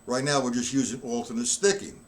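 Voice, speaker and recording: Talking fairly quickly in a medium-pitched voice, a man teaches a live-streamed drum lesson while feeling ill. He coughs now and then and counts the beats aloud during his demonstration.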